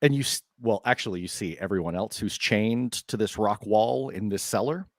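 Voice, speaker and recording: A man narrating as game master of a tabletop game, laughing often and talking in an unhurried way with fillers. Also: lowish voice, no echo, clean studio sound.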